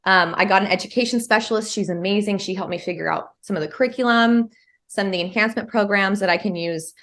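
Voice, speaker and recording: This thirtysomething Californian mom of three talks fast in a medium-pitched, fairly bright voice. Appearing as an interview guest, she explains how she homeschools her kids, chatting casually and leaning heavily on "um" and "like."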